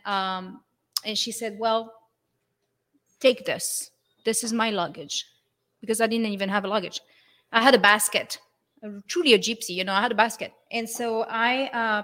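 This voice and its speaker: A woman, a guest telling her spiritual story in an expressive way and acting out the voices she quotes. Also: on the high side. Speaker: interview guest. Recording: long hall reverb.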